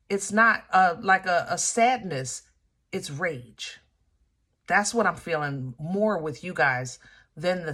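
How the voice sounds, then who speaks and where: Bright-voiced woman giving a preachy tarot reading. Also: medium pitch. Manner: preachy and testifying, checks in with "okay?" and "you understand?"; playful asides and laughter between serious points. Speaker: tarot reader. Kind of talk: casual spoken tarot reading.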